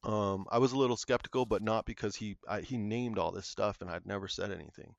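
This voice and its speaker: A man, a podcast guest, telling a paranormal story in an earnest, halting way. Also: fairly low pitch, creaky, no room sound. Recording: muffled lo-fi audio.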